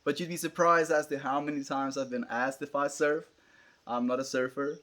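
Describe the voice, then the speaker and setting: A man's voice: medium pitch, little pitch movement, normal speed, a bit bright. A young South African man, an Afrikaans speaker, chatting casually on a livestream and musing as he answers viewers.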